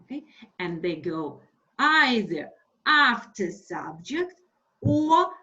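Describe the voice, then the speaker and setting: Slow, lively teacher. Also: female voice, medium pitch. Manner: slow, explanatory, repeats examples, switches to Russian for translations. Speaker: English teacher. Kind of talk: online lesson, webinar. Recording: dull lo-fi webinar audio.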